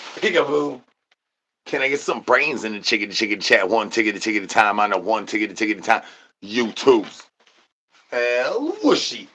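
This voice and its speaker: A man's voice: lowish voice, quick pace, sharp tone, slight background noise. A man streamer doing an absurd comedic rant, rambling in nonsense with stuttered repeats and sing-song catchphrases.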